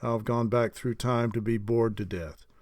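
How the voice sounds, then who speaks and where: A man reading an audiobook, voicing a bored, sulky teenage boy in a slow, drawling way. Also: medium pitch, fairly even intonation, a little mellow, no room sound, studio quality, close to an everyday voice. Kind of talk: audiobook character voice.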